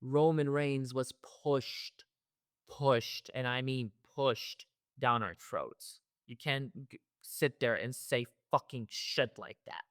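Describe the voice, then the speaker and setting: A man's voice: medium pitch, slow pace, fairly bright tone, clean tone, no room sound, studio quality. A man hosting a wrestling reaction show, ranting heatedly with lots of profanity and repeated phrases. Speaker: wrestling commentary host.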